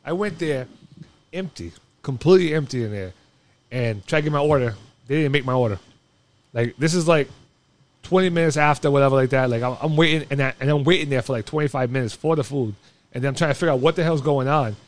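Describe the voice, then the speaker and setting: Fast-talking man telling a story. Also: medium pitch. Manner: rambling storyteller with many restarts. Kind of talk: casual chat.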